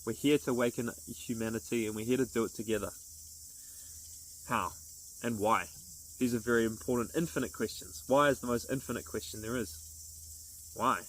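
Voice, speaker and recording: A man's voice: mid-range voice, steady tone, normal speed, pauses often, rough recording. A man talking to camera as a vlogger in an earnest, rambling, upbeat way, with restarts. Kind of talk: casual motivational monologue to camera.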